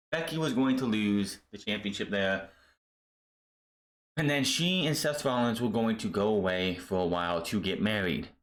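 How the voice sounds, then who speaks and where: Rambling man recapping wrestling, roomy sound. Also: on the low side. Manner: rambling, animated retelling with many fillers. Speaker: wrestling show reviewer. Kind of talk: casual recap commentary.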